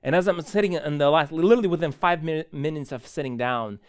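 A man preaching a sermon as a pastor, telling a story in an animated way and often correcting himself mid-sentence. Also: fairly high pitch, fast, smooth. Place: church.

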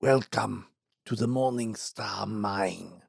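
A man voicing a sick, bitter old mine owner with weak lungs who speaks in a wheezy, hushed, coughing voice. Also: fairly low pitch, takes it slowly, creaky, husky, dry recording, studio quality, exaggerated voice. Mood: grim.

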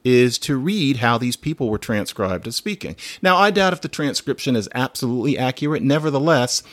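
A man's voice: medium pitch, animated, fairly quick, a bit bright, no echo. A man hosting a solo podcast, talking in a chatty, digressive way and laughing now and then. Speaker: podcast host.

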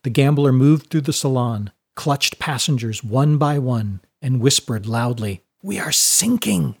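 Brief: male audiobook narrator, mid pitch, husky tone, even storytelling pace. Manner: steady, measured storytelling. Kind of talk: serialized audiobook reading.

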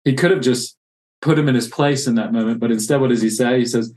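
Man, mid pitch, earnest, reflective, reading aloud then musing on faith. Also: fast, a little mellow. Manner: earnest, reflective, with many restarts. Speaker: church planter.

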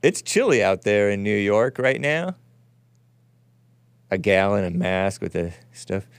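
A man's voice: on the low side, sing-song, unhurried, clean tone, dry recording. A male host giving rambling, wry live-stream commentary on footage, often chuckling to himself.

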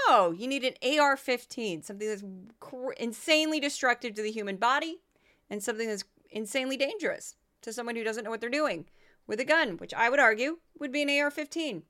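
A woman's voice: on the high side, animated, fairly quick, bright, forceful tone. A woman from the American Midwest hosting a commentary podcast, talking in a sarcastic, mocking way. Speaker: podcast host.

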